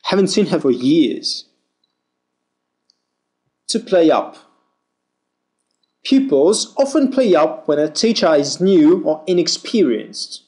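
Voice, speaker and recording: A pronunciation teacher reads drills aloud slowly and deliberately, over-articulating every sound. His fairly high, darkish voice is expressive, rising and falling a great deal through each line.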